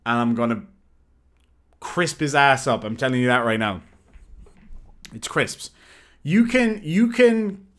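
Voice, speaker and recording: A man hosting a casual livestream and reading viewer messages aloud, playfully combative and quick to swear. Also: medium pitch, fairly bright tone. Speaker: livestream host.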